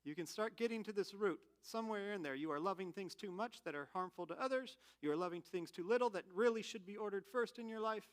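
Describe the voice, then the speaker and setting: A man preaching a sermon in a candid, animated, conversational way, telling personal stories. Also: high voice, fast, hardly any pauses. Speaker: pastor.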